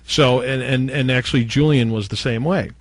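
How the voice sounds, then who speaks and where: A man's voice: mid-range voice, normal speed, no echo. A man telling stories from his radio days in a casual interview, acting out what other people said. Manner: animated, acts out quotes of others. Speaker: former radio DJ guest.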